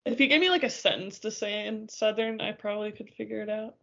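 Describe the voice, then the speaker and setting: A woman's voice: mid-range voice, fast talker, vocal fry, fairly bright tone, highs cut off. A woman co-hosting a podcast in casual chat, wry and teasing, laughing often. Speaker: podcast co-host.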